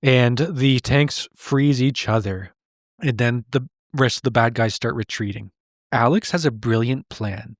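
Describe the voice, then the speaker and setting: Recapping an old cartoon as a comedy show co-host, this man delivers sarcastic, incredulous narration at an unhurried pace and medium pitch. The remote call mic gives clean, studio-quality sound without echo.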